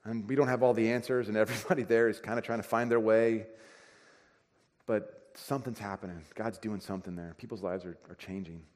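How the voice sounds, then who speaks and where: A pastor preaching a conversational sermon, acting out everyday dialogue. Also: male voice, lowish voice, fairly even intonation, brisk, darkish tone. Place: church sanctuary. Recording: reverberant church hall.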